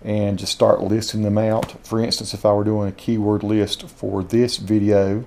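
A man with a Southern Appalachian accent, reviewing dictation software as he speaks punctuation commands aloud. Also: on the low side, flat delivery, normal speed, vocal fry, a little hiss or hum. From Southern Appalachia, USA. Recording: home video.

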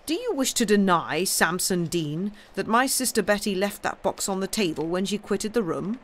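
A woman voicing a suspicious, angry male sea captain who speaks loudly and sharply in a storybook reading. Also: mid-range voice, lively intonation, moderate pace, a little hiss or hum, lightly acted. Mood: angry, accusing. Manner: sharp, accusing, loud.

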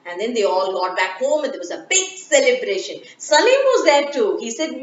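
Woman storyteller, children's tale, slow and gentle, high voice, echoey room, from afar. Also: very animated. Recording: dull, echoey room, from far off.

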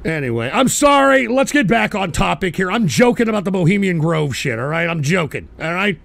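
An older man hosting a live show, hurling profane, shouting tirades at his chat. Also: sits high, very animated, a little fast, gravelly. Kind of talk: ranting live-stream talk.

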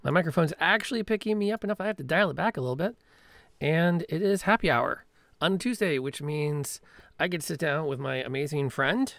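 A man's voice: fairly high pitch, animated, fairly quick, gravelly, a bit bright, no echo. A man hosting a casual chat, a game master talking playfully about running his games. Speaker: podcast host and game master.

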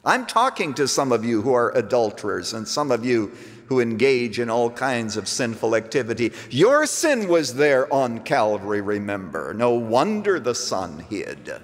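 A pastor preaching a sermon, swinging between hushed, low phrases and emphatic lines. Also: male voice, sing-song, moderate pace. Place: church sanctuary. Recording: long reverb of a church hall.

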